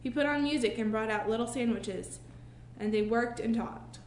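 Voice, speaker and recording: A woman reads a children's story aloud in an expressive way and pauses slowly for effect. Her voice sits a little high. The recording carries a roomy echo and a faint hiss behind it. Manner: expressive, with slow dramatic pauses. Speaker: narrator. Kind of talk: reading a children's book aloud. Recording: echoey room with faint hiss.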